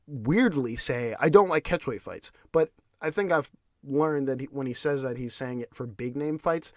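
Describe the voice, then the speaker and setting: A man hosts a podcast, ranting in casual solo commentary full of restarts and repeated words. His voice is medium in pitch, with clean studio sound and no echo.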